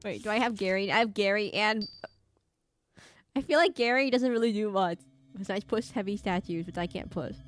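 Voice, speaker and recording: Speaking at a moderate pace in a medium-pitched voice, a woman offers laid-back let's-play commentary on a horror game. She reads the game text aloud and adds wry asides, and faint game music plays underneath.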